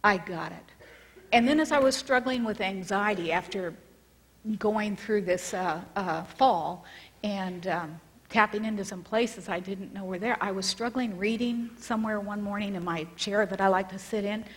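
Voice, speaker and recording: A woman giving a sermon, telling a story reflectively and dropping her voice to a hush at times. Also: medium pitch, normal speed, husky. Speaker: speaker addressing a congregation. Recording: long reverb of a large hall.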